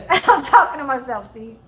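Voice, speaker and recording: A woman in her forties hosting a casual livestream, her voice sitting a little high. She rambles through childhood stories, swearing freely and breaking into laughter, and stops to talk to her chat. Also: animated, unhurried, fairly bright tone, poor audio. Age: 40s. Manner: profane, laughing storyteller who talks to her chat. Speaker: livestream host.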